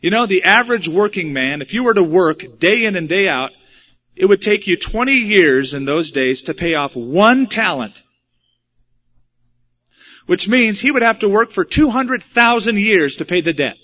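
A pastor preaching an expository sermon and reading scripture, with wry asides. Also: male voice, high voice, lively intonation, moderate pace, pushed and bright. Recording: dull lo-fi recording.

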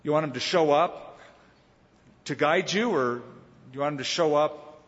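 A man's voice: fairly high pitch, a bit bright. Man, pastor, sermon, conversational, long reverb, dull recording. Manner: conversational Bible teaching, dramatic pauses and voiced quotes.

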